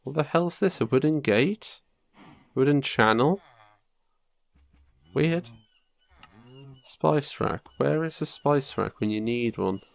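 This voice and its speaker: A man's voice: mid-range voice, expressive, slow, gravelly, pauses often, no echo. A young man muttering to himself and swearing casually while commenting on his own gameplay. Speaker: gaming YouTuber. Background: faint game music.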